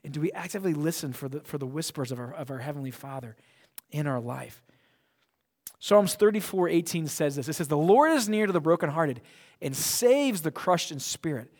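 Pastor swinging from booming to hushed. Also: male voice, lively intonation, moderate pace. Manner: dynamic delivery, swinging between loud declarations and hushed near-whispers. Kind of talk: sermon.

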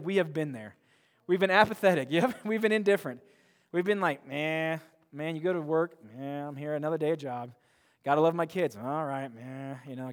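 A man preaching a sermon in a church, talking conversationally with many restarts and acting out bored voices. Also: high voice. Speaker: pastor. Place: church sanctuary. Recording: long hall reverb.

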